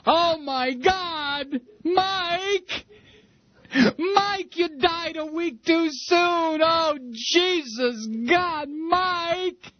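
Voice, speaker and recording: A man's voice: very high voice, no echo, muffled recording, voice pushed up, heavily acted. A man putting on a shrieking, sobbing widow. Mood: wailing. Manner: shrieking, sobbing, drawn-out cries. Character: wailing grieving wife, woman, hysterical.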